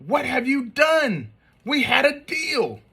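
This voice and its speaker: A man's voice: mid-range voice, very animated, unhurried, sharp tone, slightly rough, exaggerated voice. A man voicing an exasperated mother who wants to give away her son's toys. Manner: firm, weary.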